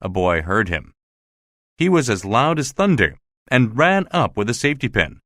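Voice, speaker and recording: A man narrating a graded-reader classic with clear, measured reading. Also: on the low side, very animated, a bit bright, no echo, clean studio sound.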